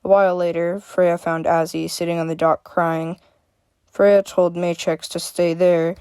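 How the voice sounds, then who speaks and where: Woman narrator of a fantasy tale, steady plain read, lowish, dry sound. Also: measured pace, clear, resonant tone, no room sound. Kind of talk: reading her own fantasy story aloud.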